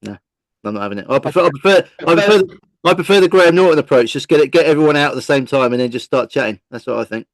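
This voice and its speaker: A man's voice: fairly high pitch, lively intonation, very fast, no echo. A man co-hosting a casual football podcast, cracking self-deprecating jokes and stammering over repeated words. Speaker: podcast co-host. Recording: dry close sound.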